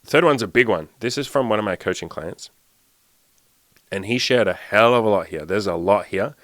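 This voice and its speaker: A young dating and self-improvement coach tells a story in a casual monologue, rambling loosely and leaning heavily on "like" as a filler. His voice is on the low side and fairly bright, at a normal speed, with no echo.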